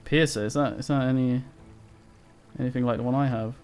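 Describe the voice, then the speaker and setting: A man's voice: mid-range voice, fairly even intonation, a little fast, a little mellow, faint music behind. A male streamer giving casual live commentary while he plays, rambling and swearing, with frequent restarts. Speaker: game streamer.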